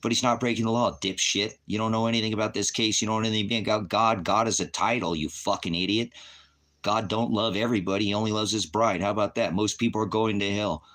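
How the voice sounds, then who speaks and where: A man's voice: lowish voice, fairly even intonation, quick pace. A man preaching on a livestream, profane and combative, berating commenters and repeating himself. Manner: repetitive, shifting between shouting and muttering. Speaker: online preacher. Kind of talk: livestream rant at chat.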